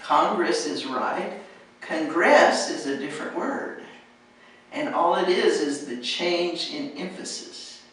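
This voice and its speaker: A woman's voice: low voice, lively intonation, slow, heavy reverb, far from the mic, low-quality recording. An American woman teaching pronunciation, patiently modeling words and repeating them for her students. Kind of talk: pronunciation coaching.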